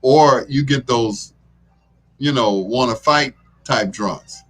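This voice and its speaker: A middle-aged man hosts a casual talk show in an unhurried, drawling way. He rambles easily, chuckles often, and his voice sits in an ordinary middle pitch. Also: a bit bright. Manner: laid-back, rambling, chuckles often, acts out drunks in quoted voices. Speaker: radio show host.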